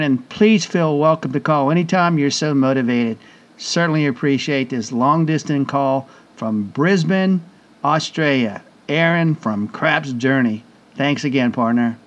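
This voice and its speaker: A man's voice: a little high, a bit bright. Exuberant folksy male podcast host. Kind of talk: enthusiastic podcast hosting.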